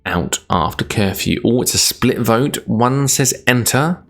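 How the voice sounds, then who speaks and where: A man's voice: mid-range voice, animated, a little slow, gravelly, fairly bright tone, faint music behind. A Scottish man streaming live, reading a gamebook aloud in a chatty, self-deprecating way, laughing often.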